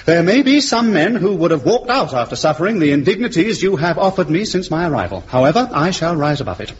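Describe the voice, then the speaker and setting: An actor playing a smug, pompous young gambler in a radio comedy, making indignant speeches. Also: male voice, a little high, very animated, fast. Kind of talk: 1950s radio comedy acting. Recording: muffled old broadcast with hiss.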